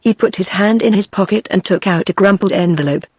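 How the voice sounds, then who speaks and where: A computer-voiced woman with a British English accent reading a novel aloud in an even, scripted narration. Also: medium pitch, a little fast, slightly rough, dry recording. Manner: even synthetic reading, reads out punctuation. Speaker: audiobook narrator.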